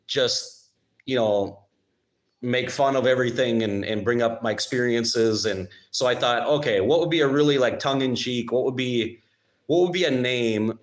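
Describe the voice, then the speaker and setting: A man from Minnesota, hosting his channel in a rambling, sarcastic live-stream chat. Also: medium pitch. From Minnesota, United States. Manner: rambling, halting, with many restarts and sarcastic asides. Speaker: YouTube channel host.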